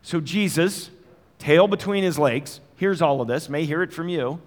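A man's voice: a little high, moderate pace, in a large hall. A man preaching a sermon in a conversational way, asking his listeners direct questions. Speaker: pastor.

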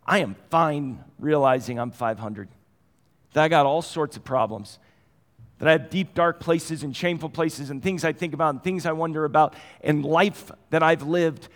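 A middle-aged man preaching a sermon, telling stories conversationally and moving between quiet and animated passages. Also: fairly high pitch, moderate pace. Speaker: pastor. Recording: long hall reverb.

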